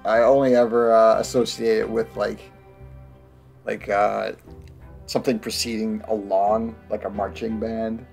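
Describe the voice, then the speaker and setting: Brief: low, gravelly male co-host, hesitant casual chat. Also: flat delivery, a little slow, a little mellow, faint music behind. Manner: hesitant, filler-heavy, chuckling. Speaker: co-host of a let's play.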